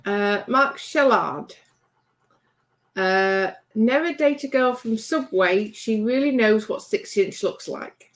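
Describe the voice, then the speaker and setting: A woman with a mid-range voice and slow pace co-hosts a casual livestream, chatting and reading out viewer comments in a teasing way.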